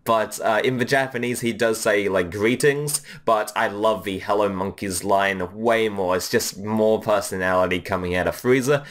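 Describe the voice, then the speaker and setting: A man's voice: lowish voice, normal speed, few pauses, fairly bright tone. Rambling man reviewing a trailer. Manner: rambling, many fillers and restarts. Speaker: video reviewer. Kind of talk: casual review commentary.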